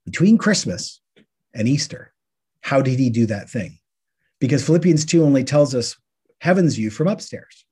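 Guy chatting thru bible verses on a podcast, kinda husky, warm low tone, acts out what people would ask. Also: normal speed. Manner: lively, acts out listeners' questions in quotes. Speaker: podcast co-host teaching on the Bible. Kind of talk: casual Bible teaching chat.

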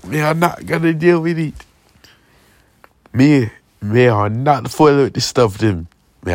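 A young man rants to his audience in a casual vlog, slangy and aggrieved, circling back to the same points. His voice is husky and his pitch jumps all over the place. The sound is dry and close. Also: no echo. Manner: slangy, repetitive, aggrieved, keeps asking "you feel me". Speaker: vlogger. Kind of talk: casual straight-to-camera rant.

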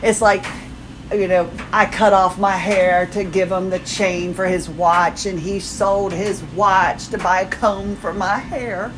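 A woman's voice: mid-range voice, fairly even intonation, slow pace, noisy background. Rambling tired woman podcaster. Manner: rambling, self-deprecating, chatty. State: tired, moving carefully while pregnant. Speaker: podcast host. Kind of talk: casual personal monologue. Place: home, house chores around her.

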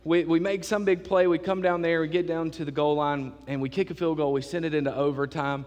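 A man preaching a sermon, telling a lively, joking story to his church. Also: on the high side, a little fast, long reverb tail.

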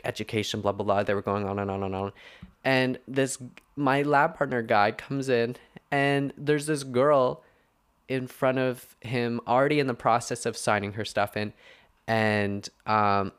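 With a fairly low, clear, resonant voice that's a bit bright, this young podcast host goes on a casual, rambling rant. He leans on fillers and keeps correcting himself.

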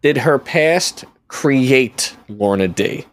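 A man's voice: mid-range voice, animated, extremely slow. A man hosting a casual podcast discussion, rambling and interrupting himself as he talks things through. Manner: rambling, self-interrupting storyteller. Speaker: podcast host. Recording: dry studio sound.

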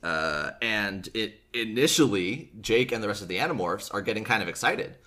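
A young man, a podcast host, casually retelling a book and acting out the characters' lines in quick asides. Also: lowish voice, animated, sharp tone.

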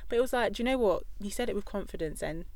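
A woman's voice: medium pitch, rapid-fire. A woman co-hosting a casual podcast, telling stories with animation and acting out what others said. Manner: animated storytelling, acts out quoted voices. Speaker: podcast co-host. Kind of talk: casual chat.

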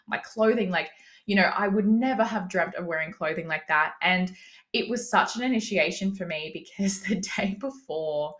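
A woman's voice: fairly low pitch, a bit bright. A young woman hosting her own podcast, talking candidly in a casual, chatty way, swearing freely and using lots of "like" fillers. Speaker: business coach, podcast host. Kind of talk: candid solo podcast monologue.

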